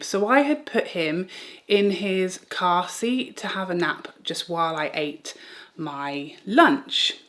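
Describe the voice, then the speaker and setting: A young woman vlogger telling a personal story in a dramatic, animated way and laughing as she talks. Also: on the low side. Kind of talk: storytelling chat.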